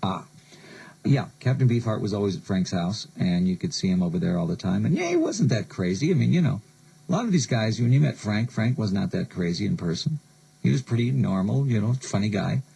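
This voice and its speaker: Gravelly, sardonic American radio DJ. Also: male voice, deep voice, warm tone, poor audio. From United States. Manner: sardonic, joking storyteller. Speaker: radio DJ host. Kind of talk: late-night radio show patter.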